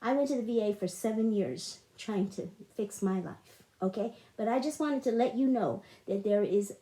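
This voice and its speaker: A woman's voice: mid-range voice, normal speed, dark tone. A middle-aged woman telling a personal story in a monologue, emotional and repetitive, with frequent restarts. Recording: echoey room.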